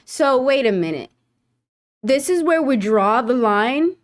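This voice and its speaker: A woman's voice: high-pitched, lively intonation, slow pace. A woman giving sarcastic, indignant reaction commentary.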